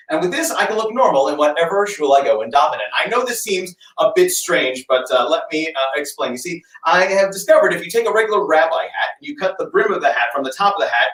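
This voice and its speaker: Brief: male magician, comic patter full of fillers, somewhat high pitch, echoey room, off-mic. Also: a bit bright. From United States. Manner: chatty, halting with many fillers. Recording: roomy sound, distant from the mic.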